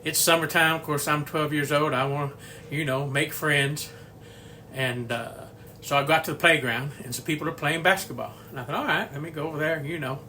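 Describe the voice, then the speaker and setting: This home cooking channel host, a man in his sixties, talks from his kitchen in a loose, story-filled way, laughing softly every so often. His slightly high voice has a sharp tone, fairly even intonation and normal speed. A faint hiss or hum runs underneath.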